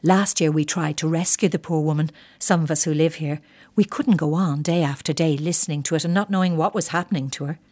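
A woman voicing a calm, matter-of-fact neighbour, a woman who reassures a worried stranger. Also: deep voice, a little fast. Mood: reassuring.

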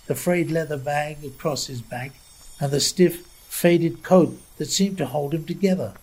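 A woman narrating a children's story aloud in a lively, expressive way. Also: low-pitched, husky. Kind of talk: storybook reading.

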